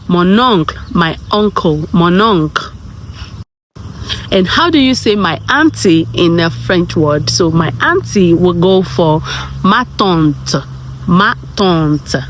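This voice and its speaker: A woman hosting her own channel, giving a casual vocabulary lesson and repeating each word slowly, twice over. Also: medium pitch, a little hiss or hum. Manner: slow and repetitive, saying each word twice. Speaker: language tutor and channel host.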